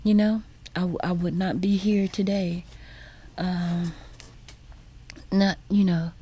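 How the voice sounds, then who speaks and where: A woman speaks into a studio microphone as a radio guest, in a slow, mellow, rather dark voice. She talks haltingly and often repeats her words. At times her voice sinks to a near whisper. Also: fairly low pitch, steady tone, husky. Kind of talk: personal testimony in a radio interview.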